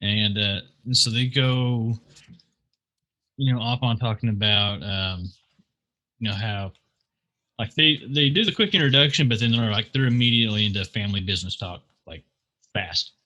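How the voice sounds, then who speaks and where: A man co-hosting a casual podcast, recapping a show and making dry, deadpan teasing asides. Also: lowish voice, normal speed, long pauses. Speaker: podcast co-host. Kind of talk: casual chat.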